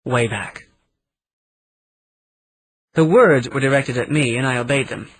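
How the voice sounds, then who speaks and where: A man reads a novel aloud in the first person, steady and measured. His voice sits at a middle pitch with a husky, breathy grain. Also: no room sound, poor audio. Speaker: audiobook narrator.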